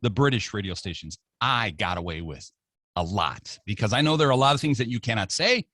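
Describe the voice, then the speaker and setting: An American man hosts a radio talk show, trading jokey banter with his guest. His delivery is animated and swoops up and down, with a bright, forceful tone. The studio sound is dry and close. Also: fairly low pitch, a little fast, dry recording. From United States. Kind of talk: casual radio interview.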